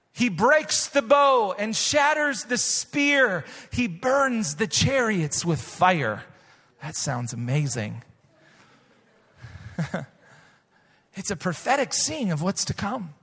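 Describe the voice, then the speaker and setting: A man pastor preaching a sermon, reading scripture slowly and with weight, rising to impassioned shouts and dropping back to a softer tone. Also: extremely high pitch. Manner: impassioned preaching, swells to shouts then drops soft; drawn-out emphatic reading of scripture. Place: church sanctuary. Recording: long reverb of a large hall.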